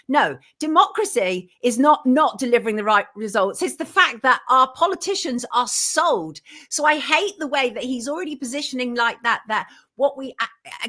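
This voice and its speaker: A woman's voice: on the high side, fairly bright tone. A woman hosting a political discussion, speaking in an indignant, emphatic way. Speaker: host.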